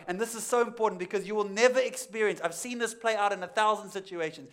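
A man preaching a sermon as pastor, building to emphatic peaks and then dropping to quiet, intense lines, repeating key phrases for weight. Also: high voice, quick pace, few pauses. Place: church.

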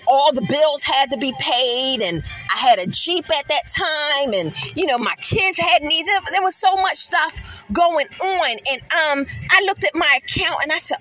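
A middle-aged woman hosting a podcast, earnestly telling a personal faith testimony in an animated, emphatic storytelling manner. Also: sits high, poor audio. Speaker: podcast host.

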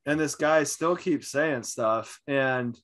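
A man in his thirties co-hosting a casual sports talk show, telling stories in an animated way and acting out what people said. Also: medium pitch, slow pace. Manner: animated storyteller, acts out quotes. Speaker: podcast co-host.

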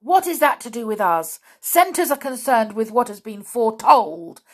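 A woman's voice: fairly high pitch, steady tone, moderate pace, voice pushed up. A woman voicing a stern, angry male centaur who thunders indignantly in a storybook reading. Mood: furious.

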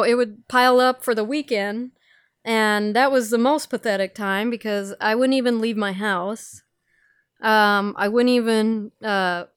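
A woman's voice: a little high, clear, resonant tone, no echo, studio quality. A woman guesting on a podcast, telling her own story in a chatty, self-mocking way with lots of fillers. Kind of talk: candid recovery podcast talk.

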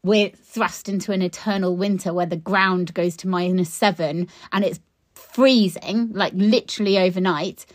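A woman co-hosting a podcast about flower farming. She tells chatty, animated stories with quick asides. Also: lowish voice, no echo, studio quality. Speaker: podcast co-host, flower farmer. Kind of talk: casual chat.

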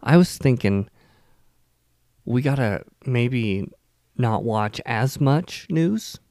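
A man co-hosting a casual podcast chat, easygoing and quick to laugh at his own jokes. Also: medium pitch, lively intonation, a little mellow, dry recording, studio quality. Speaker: podcast co-host.

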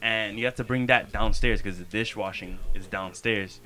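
A man's voice: on the low side, steady tone, normal speed, bright, forceful tone. A young man telling a story in casual chat, slangy and laid-back, often repeating his words.

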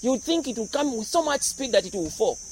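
A man preaching a sermon, animated and humorous as he explains scripture. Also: very high voice, fast, slight background noise, rough recording. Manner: animated, explains verses with humor and acted-out voices. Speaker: pastor.

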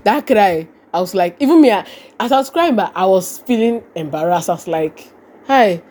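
Young Nigerian woman, lively storyteller. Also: medium pitch, normal speed. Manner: animated, repeats phrases and acts out quoted speech. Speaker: podcast guest. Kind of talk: casual conversational storytelling.

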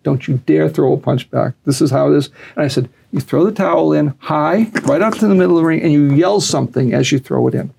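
A man's voice: fast talker, vocal fry, hardly any pauses, mellow, a little hiss or hum. A man telling a long story animatedly, raising his voice when he acts out what others said. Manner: acts out quotes with raised pitch.

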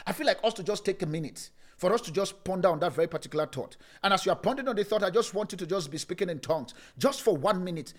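A man preaching as pastor, emphatic, with sing-song phrasing, at times dropping into slow, hushed lines. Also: high voice, animated. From Africa. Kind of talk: sermon.

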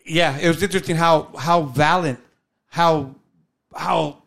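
A man's voice: a little high, steady tone, measured pace, creaky, a bit bright. A man co-hosting a podcast in a casual, exasperated rant with mocking asides. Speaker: podcast co-host. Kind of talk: casual ranting chat.

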